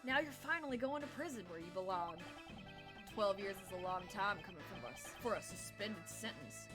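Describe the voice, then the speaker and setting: A woman's voice: mid-range voice, animated, normal speed, music in the background, lightly acted. A woman voicing a brash, swaggering young male investigator in a game, with a put-on Southern drawl and cocky delivery. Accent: put-on American Southern. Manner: cocky, drawling, self-assured.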